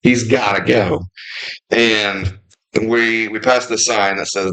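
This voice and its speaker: A man's voice: lowish voice, steady tone, takes it slowly, sharp tone, poor audio. Laid-back man telling a story. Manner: laughing, teasing storyteller. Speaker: podcast co-host. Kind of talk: casual chat.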